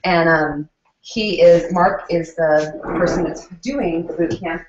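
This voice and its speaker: A woman's voice: lowish voice, slow pace, noisy background. Chatty woman in a roomy kitchen. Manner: chatty and excitable, laughs often. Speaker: co-host of a cooking show. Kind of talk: casual chat. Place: home kitchen. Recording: roomy, distant, dull sound.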